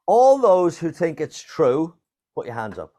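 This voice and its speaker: A man's voice: on the high side, very animated, measured pace, dark tone. An older man hosting a playful true-or-false quiz over a video call, teasing his guests and laughing often. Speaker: quiz host.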